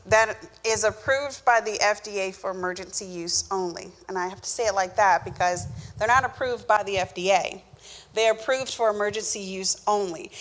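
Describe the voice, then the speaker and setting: A woman's voice: mid-range voice, fairly bright tone. A woman answering health questions in an informal Q&A, explaining step by step with fillers and small restarts. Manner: explanatory, many fillers and restarts, acts out the body talking.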